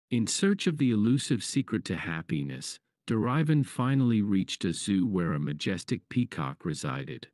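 Man, fable narration, very deep voice, calm and measured, dry close recording. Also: no echo. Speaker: storyteller. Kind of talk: scripted story narration.

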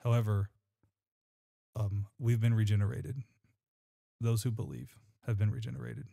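This man co-hosts a podcast, alternating scripture reading with casual, earnest talk that wanders and often restarts. He speaks at a normal speed in a fairly low, creaky, warm voice with an animated delivery.

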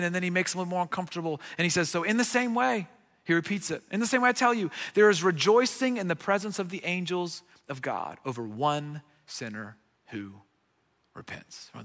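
A middle-aged man preaching a sermon as a guest pastor, telling a story with lively acted-out voices. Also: sits high, long reverb tail. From United States. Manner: animated storyteller, acting out quoted voices. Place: church sanctuary.

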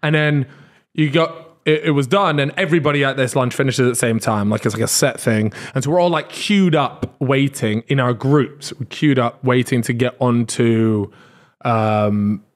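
A young British man on a podcast, telling a story in a casual, animated way, swearing freely and often restarting his sentences. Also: medium pitch, normal speed. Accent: British English. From Britain. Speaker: podcast co-host.

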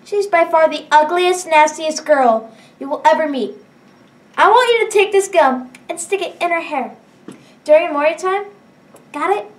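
A scheming mean girl, as a woman puts her on, sugary and bossy, pitched fairly high. The voice is picked up from a little way off the mic. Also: normal speed, far from the mic.

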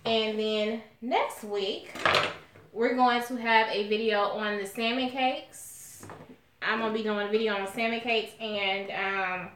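A woman speaks at a medium pitch with a steady tone, taking her time. She's a cooking channel host doing a casual livestream from her home kitchen, chatting with viewers she calls honey and y'all, in an echoey space with faint noise.

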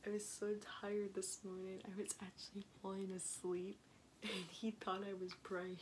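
A young woman talks through a casual video diary in a chatty, rambling way, often sinking into a whisper. Her pitch sits in a middle range. A faint hiss of ambient noise runs under the camera mic. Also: level tone, normal speed, low-quality recording. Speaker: vlogger.

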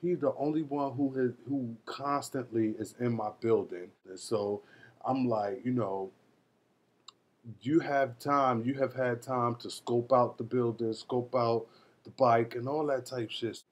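A young man vlogging, telling a story to the camera in a casual, animated way, swearing often. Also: medium pitch, measured pace, slightly rough.

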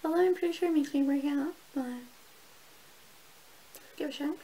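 A woman's voice: high voice, moderate pace, warm tone, slight background noise, poor audio. A young woman casually telling stories and chatting while doing her makeup, swearing and laughing often. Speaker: beauty vlogger. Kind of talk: casual get-ready-with-me chat.

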